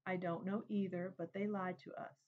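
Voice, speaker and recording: A woman reading aloud, voicing a weary father who speaks softly and sadly to his small daughter. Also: on the low side, little pitch movement, normal speed, narrow, tinny audio, close to an everyday voice. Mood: sad, gentle. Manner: soft, sad. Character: weary gentle father, sad and patient.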